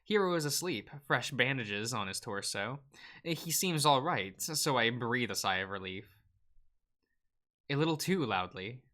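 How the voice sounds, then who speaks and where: A man's voice: medium pitch, lively intonation, moderate pace, sharp tone. A man hosting a let's play, reading a visual novel aloud with playful, wry asides between the narration.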